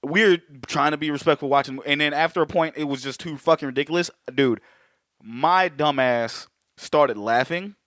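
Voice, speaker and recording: A man's voice: fairly high pitch, moderate pace, fairly bright tone, dry recording, studio quality. A man co-hosting a podcast, telling stories in casual chat, swearing freely and laughing often. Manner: profane, storytelling, laughs often. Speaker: podcast co-host.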